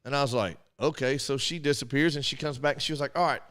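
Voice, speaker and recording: A man's voice: medium pitch, fast talker, fairly bright tone. A man co-hosting a casual radio talk show, animatedly telling a story and acting out both sides of phone calls. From Arkansas.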